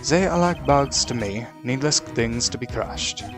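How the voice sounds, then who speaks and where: A man's voice: mid-range voice, expressive, measured pace. A man voicing an arrogant older male prosecutor in a game, with a put-on German accent and a haughty, contemptuous manner. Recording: game music behind.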